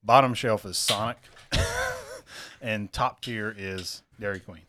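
A man's voice: on the low side, slow pace, sharp tone, a little hiss or hum. A man chatting on a podcast in a laid-back, rambling way, often restarting his sentences. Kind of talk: casual podcast banter.

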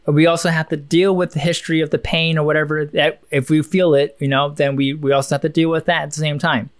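A man's voice: on the high side, little pitch movement, fast talker, smooth, no room sound, studio quality. A man co-hosting a casual podcast, thinking aloud in a musing, rambling way with many restarts. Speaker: podcast co-host.

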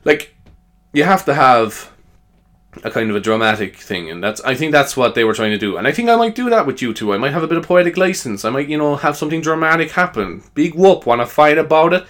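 A man's voice: mid-range voice, very animated, quick pace, a bit bright. Chatty man rambling. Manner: chatty, self-amused, lots of fillers and laughs. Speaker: podcaster. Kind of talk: rambling solo chat.

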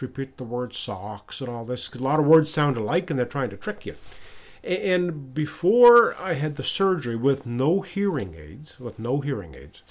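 A man hosts a podcast and tells a personal story in a relaxed, unscripted way. He retells conversations as he goes, stumbling into restarts and repeated words. His voice sits at an ordinary middle pitch for a man. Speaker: podcast host. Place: lives in Ottawa.

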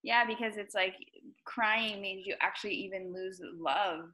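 A woman hosts a podcast conversation in a bright, forward voice. She asks questions emphatically, thinks out loud, and swears casually in relaxed chat. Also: mid-range voice, unhurried, rough recording. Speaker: podcast host.

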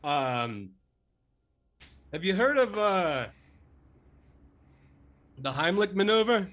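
A man playing a tabletop role-playing game, answering in character in a deadpan, hesitant way. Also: sits high, slow. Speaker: player. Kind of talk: casual tabletop role-play.

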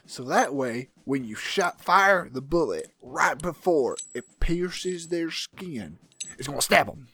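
A man's voice: on the high side, expressive, slow, fairly bright tone, breathy edge, dry recording, full character voice. A man playing a boastful, crude weapons inventor. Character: violent male weapons inventor and war veteran. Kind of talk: improvised comedic role-play.

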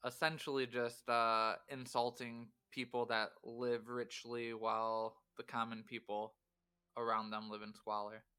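A man's voice: mid-range voice, level tone, a little slow, sharp tone, clean tone. A man playing a tabletop game, casually describing what his character does. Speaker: player.

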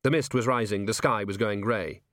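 A man with a voice on the low side narrates an audiobook at a moderate pace, telling the story expressively. The scripted narration has clean studio sound with no room noise.

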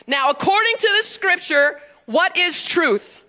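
A woman's voice: very high voice, expressive, a little slow, bright, forceful tone. A woman pastor preaching a sermon in a church, emphatic and calling on the congregation to answer back. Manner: emphatic call-and-response preaching. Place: church sanctuary.

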